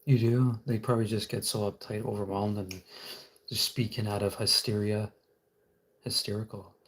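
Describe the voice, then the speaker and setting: A man's voice: lowish voice, flat delivery, normal speed, slight background noise. A man hosting a casual solo livestream from home, rambling and muttering to himself. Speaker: livestream host.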